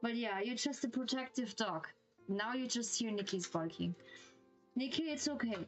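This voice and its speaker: A woman's voice: fairly high pitch, normal speed, faint music behind, poor audio. A woman streamer with a German accent who reads a game story aloud and reacts with giggly, gushing comments.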